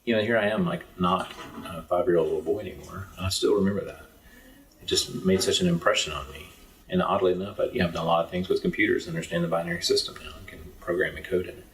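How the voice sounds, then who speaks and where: Podcast guest: low-voiced reflective man from East Texas, neutral accent, sits a bit off the mic. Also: steady tone, quick pace, far from the mic, rough recording. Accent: neutral American, faint Texas trace. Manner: earnest, reflective storyteller. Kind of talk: casual conversation.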